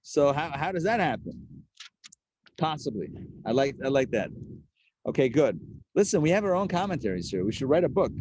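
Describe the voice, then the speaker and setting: Chatty man teaching a lively class. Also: fairly high pitch, moderate pace, pauses often, a little hiss or hum. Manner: lively and chatty, acting out the quoted characters. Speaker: rabbi teaching a Torah class. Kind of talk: live conversational Torah class.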